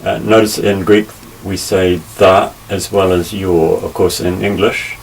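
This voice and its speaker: A man teaching a Bible lesson, measured and careful, pausing often with fillers as he explains. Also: low voice, flat delivery, gravelly. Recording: slightly distant mic with faint ambient noise.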